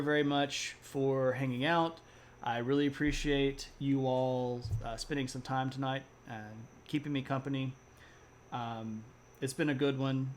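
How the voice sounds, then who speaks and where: Man, casual live-stream host, chatty, laughs a lot, relaxed. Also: mid-range voice, a little hiss or hum. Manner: chatty, laughs often, lots of fillers. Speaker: teacher.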